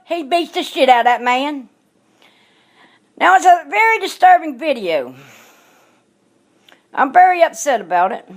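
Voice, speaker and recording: A woman telling a personal story in a blunt, emphatic way, repeating herself for stress. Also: extremely high pitch. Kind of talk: emotional storytelling monologue.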